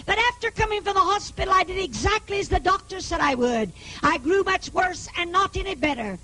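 A woman preaching her healing testimony to a live audience, emphatic and often rising to a shout. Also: very high-pitched, animated, a little fast, low-quality recording. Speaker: evangelist giving her testimony.

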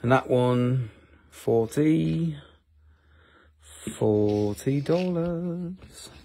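A man's voice: medium pitch, extremely slow, gravelly, mellow. A man hosting a casual live-stream sale of rocks and minerals, chatty and jokey, with offhand swearing.

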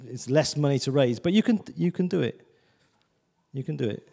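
Mellow-voiced man preaching conversationally. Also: medium pitch, lively intonation, normal speed, gravelly, long reverb tail. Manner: conversational, repeats "do you know what I mean". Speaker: visiting preacher. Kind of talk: sermon. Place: church.

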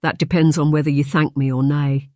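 A narrator doing a brooding Scottish Highlander. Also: little pitch movement, a little fast, mellow, no room sound, studio quality, lightly acted. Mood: testing. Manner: commanding, blunt, dialect words. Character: brooding giant Highlander man, commanding. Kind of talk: audiobook character voice.

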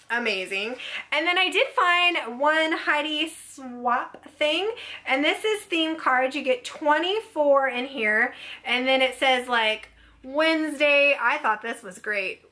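A woman vlogger chatting casually through a product haul, gushing and excitable as she shows each find. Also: sits high, slow pace. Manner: gushing, excitable, keeps saying "oh my gosh, you guys".

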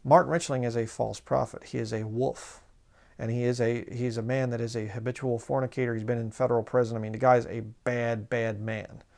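A man delivering a sermon in a plain, conversational manner, with a gravelly, fry-touched voice at a middle pitch. He slows down and leans on the words when reading scripture. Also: little pitch movement, a little mellow. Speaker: preacher.

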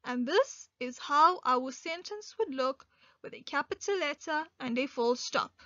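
A woman teaching an online grade one English lesson, speaking slowly and clearly and stressing key words. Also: sits high, animated, pushed and bright, dry recording. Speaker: primary school teacher. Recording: dull lo-fi dry recording.

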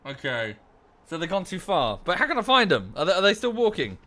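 A man's voice: high-pitched, huge pitch swings, a little fast. A young man commenting on his gameplay, easily exasperated and swearing often. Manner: exasperated, swears a lot, shouts at the game. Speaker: gameplay streamer.

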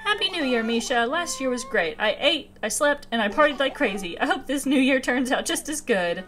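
Easygoing male deer villager, read out by a woman, light and high. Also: expressive, fairly quick, a bit bright. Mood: happy. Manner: reading game dialogue aloud.

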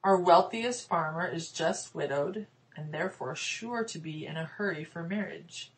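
A woman's voice: lowish voice, normal speed, close to an everyday voice. A woman reading the lines of a poor, stubborn farmer in a storybook, speaking boldly and stoutly. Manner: bold, stout.

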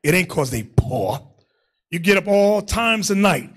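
A man's voice: high-pitched, sing-song, a little slow, fairly bright tone. A man teaching a Bible class in an emphatic preaching manner, calling on readers and staff between points.

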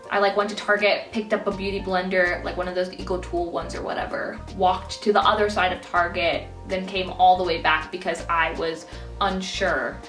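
A woman's voice: little pitch movement, moderate pace. A young woman with a slight lisp from aligners, getting over a cold, chatting casually and self-mockingly as she does her makeup for a vlog. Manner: chatty, self-mocking, bursts into high baby talk. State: recovering from a cold. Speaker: beauty vlogger. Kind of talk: casual get-ready-with-me chat. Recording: roomy, mic a little distant, soft music.

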